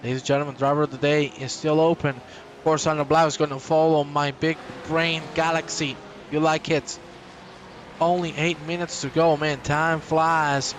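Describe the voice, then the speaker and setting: A man calls a sim race live, his voice sitting a little high as he switches between quick race updates and playful, joking banter with his co-host. His delivery stays lively and chatty throughout, with a faint hiss running behind it. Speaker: race commentator. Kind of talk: live sim racing commentary.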